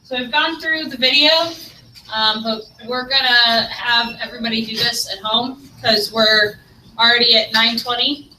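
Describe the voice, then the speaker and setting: A woman with a bright, fairly high voice runs a classroom session and fields questions briskly. She sounds distant in an echoey room with faint background hum. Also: fairly even intonation. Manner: brisk, friendly, answering questions. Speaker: study group instructor. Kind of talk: casual classroom talk. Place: evening classroom.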